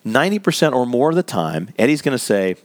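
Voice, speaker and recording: A man's voice: mid-range voice, very animated, quick pace. A man giving an instructional talk on workplace conversations, speaking conversationally and acting out scenarios. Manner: conversational, explains with acted scenarios, laughs lightly. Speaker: workplace communication trainer.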